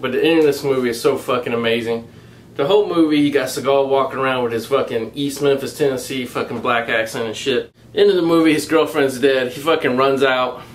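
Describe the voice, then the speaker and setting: Foul-mouthed mocking male movie reviewer. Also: a little high. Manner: crude, profanity-laden, mocking; animated storytelling with laughs. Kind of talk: casual profane film review.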